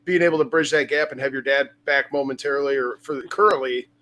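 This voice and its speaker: A man's voice: mid-range voice, quick pace, bright, forceful tone. A man in his forties hosting a podcast, talking frankly and conversationally and swearing freely. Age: 40s. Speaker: podcast host. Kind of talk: casual interview talk.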